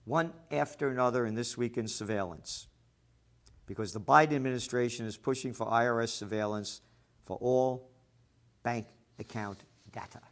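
A man hosting a commentary show, ranting sarcastically with lots of profanity, swinging between shouting and muttering. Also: mid-range voice, normal speed. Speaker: show host.

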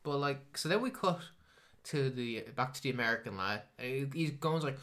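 An Irish podcast co-host with a bright, forward voice, talking in a casual, animated way. The delivery is sweary and mocking as they riff on a film's scenes. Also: mid-range voice, normal speed. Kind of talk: casual chat reviewing a film.

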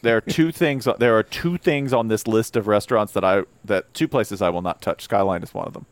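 Animated man in dry close-up. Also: on the low side, brisk, dry recording. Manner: animated, acts out comic voices. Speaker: podcast co-host. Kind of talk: casual chat.

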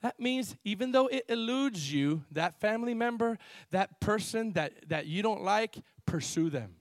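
A pastor preaching a sermon in a church, telling stories in an animated way and swinging between loud bursts and quiet asides. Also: male voice, high voice, normal speed, dry recording. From Miami.

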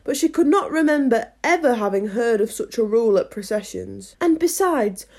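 A woman's voice: on the high side, animated, a little fast, vocal fry, a little mellow. A woman reading a children's classic aloud, chatty and self-deprecating between chapters. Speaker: audiobook reader. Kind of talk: chatty intro then storybook reading.

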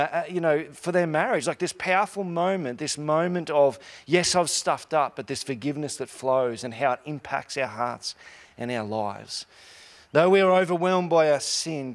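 A man preaching a conversational sermon, telling stories in a relaxed way with frequent restarts, and slowing down to stress key lines. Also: medium pitch. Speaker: pastor.

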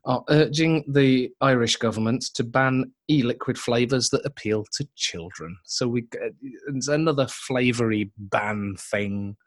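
A man's voice: mid-range voice, unhurried, hardly any pauses. A man co-hosting a casual podcast, bantering and swearing freely as he reads out news items. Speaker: podcast co-host. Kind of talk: casual chat.

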